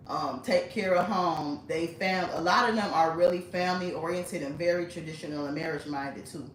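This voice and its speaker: Woman, low voice, blunt and chatty storyteller, recorded at a distance in an echoey room. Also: a bit bright, slight background noise. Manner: blunt, chatty, frequent swearing and laughter. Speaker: vlogger. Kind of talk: casual storytelling.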